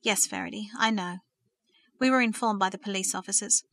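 A woman reading aloud and voicing a devout middle-aged mother who speaks slowly and cautiously. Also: medium pitch, a bit bright, dry recording, lightly acted. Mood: measured. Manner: slow, cautious, hesitant.

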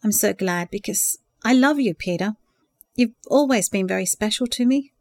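A woman's voice: mid-range voice, normal speed, darkish tone, no echo, close to an everyday voice. Woman voicing an earnest young woman in love. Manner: earnest, emotional, sighing.

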